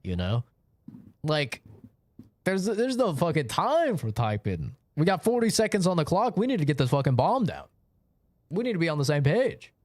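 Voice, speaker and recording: A male streamer chatting casually between plays, rambling and dropping swear words. His voice sits a little high and swings lively up and down, recorded close and dry. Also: moderate pace, no echo. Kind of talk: casual chat while gaming.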